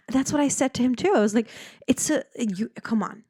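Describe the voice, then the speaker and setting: A woman's voice: a little high, a little fast, dark tone, breathy edge. A young woman from the Netherlands hosting a solo podcast, chatting casually and rambling with lots of "like" and frequent laughter. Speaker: podcast host.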